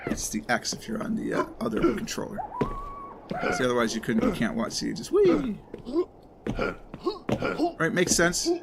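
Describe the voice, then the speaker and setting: A man's voice: mid-range voice, wildly swooping pitch, fairly quick, very noisy. A man hosting a let's play, chatting casually and rambling as he plays, often correcting himself mid-sentence. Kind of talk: casual game commentary.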